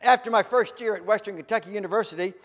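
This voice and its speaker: Middle-aged male preacher, very high voice, lively sermon storytelling in a reverberant hall. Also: very fast. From Canada. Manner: animated storytelling, rising to shouts.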